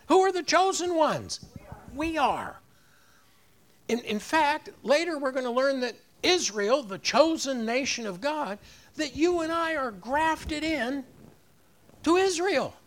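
A man's voice: very high-pitched, sing-song, takes it slowly, a bit bright. A man preaching a sermon, rising on key phrases and leading the congregation in repeating lines. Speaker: pastor.

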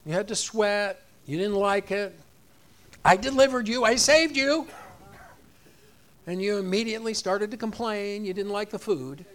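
A man preaching a sermon in an animated way, acting out the voices of the people in the story. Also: high voice, a little slow, pauses often. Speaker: pastor.

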